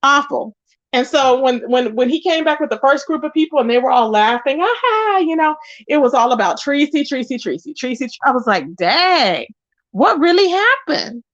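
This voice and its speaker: Woman, sassy emphatic commentary, very animated, muffled lo-fi recording. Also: high voice, moderate pace. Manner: sassy, emphatic, addresses viewers as y'all. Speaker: YouTube commentary host. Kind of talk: casual drama commentary chat.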